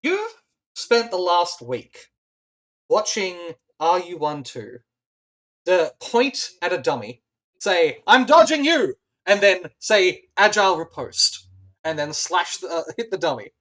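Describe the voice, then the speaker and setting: A man narrating a tabletop game as game master, halting often with fillers and restarts. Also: sits high, big pitch swings, a bit bright.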